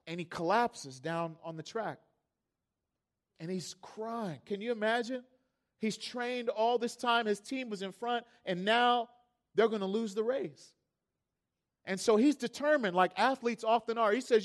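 A man preaching a sermon, telling a story that swells from soft reflection to loud, fervent peaks. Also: high-pitched, moderate pace. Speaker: pastor.

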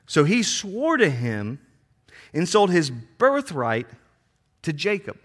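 A man's voice: fairly high pitch, wildly swooping pitch, takes it slowly, husky. Guy preaching super casual, bouncy voice, does goofy little voices for the characters. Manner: casual slangy retelling with playful voices. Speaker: pastor. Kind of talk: sermon.

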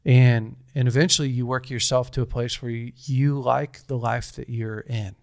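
A man's voice: medium pitch, fairly even intonation, normal speed, gravelly, darkish tone, no room sound, studio quality. A man in his thirties telling a personal story in casual conversation, earnest and rambling, with frequent restarts.

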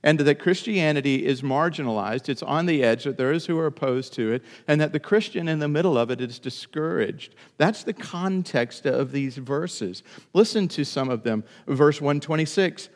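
A man preaching a sermon in an earnest style, sometimes rising into emphatic high bursts. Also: normal speed, hardly any pauses, in a large hall. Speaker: pastor.

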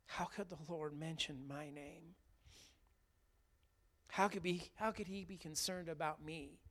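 A man acting out a guilt-stricken male disciple in a sermon, halting and stammering in disbelief, his slightly high voice breaking off mid-phrase. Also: steady tone, fairly bright tone. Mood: ashamed.

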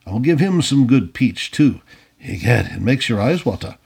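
A man voicing a blustering, excitable older Tory planter in an audiobook reading. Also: mid-range voice, normal speed, vocal fry, husky, full character voice. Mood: hearty. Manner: excitable, hearty, stammering when flustered.

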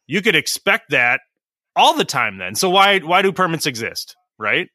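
A man's voice: a little high, sing-song, moderate pace, pushed and bright, no room sound, clean studio sound. A middle-aged man on a podcast, a licensed tradesman who rants bluntly, swears freely and acts out the exchanges he describes. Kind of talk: casual podcast chat.

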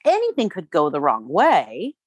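A woman's voice: sits low, moderate pace, husky, dry recording, studio quality. A woman co-hosting a podcast, chatting casually and bluntly about a reality show. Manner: blunt, opinionated, lively. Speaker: podcast co-host.

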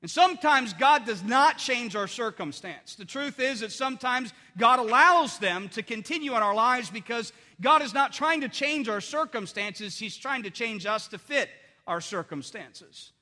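Male pastor, high bright voice, earnest, restarts a lot, echoing church hall. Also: expressive, moderate pace. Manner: earnest, conversational with frequent restarts and fillers. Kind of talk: sermon. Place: church sanctuary. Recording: long hall reverb.

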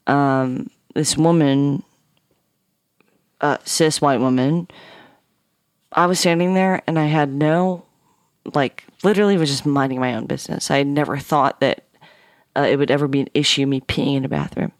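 Swearing, animated woman telling a story. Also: sits low, moderate pace, long pauses, no echo, clean studio sound. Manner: animated, swears a lot, acts out dialogue. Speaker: podcast guest. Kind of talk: casual storytelling.

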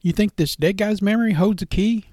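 A man's voice: fairly high pitch, moderate pace, darkish tone, dry recording, studio quality, lightly acted. A man voicing a street-smart male memory thief who talks in a firm, urging, blunt way.

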